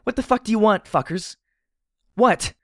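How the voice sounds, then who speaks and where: A man raising his voice to play an anguished young mare pony, a guilt-ridden mercenary leader from a wasteland storybook, her strained cries pitched well above his own low tone. The reading sounds dry and close. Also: normal speed, a bit bright, dry recording. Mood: screaming. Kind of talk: audiobook reading.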